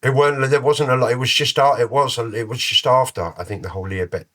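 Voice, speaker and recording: A man telling lively, cheeky anecdotes as a guest, in a casual and slangy way. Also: medium pitch, quick pace. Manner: animated, cheeky, slangy storyteller. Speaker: guest musician.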